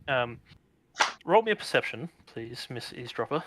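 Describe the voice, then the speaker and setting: A man narrating as game master in a tabletop game, relaxed and rambling with many fillers. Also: mid-range voice, moderate pace, background noise.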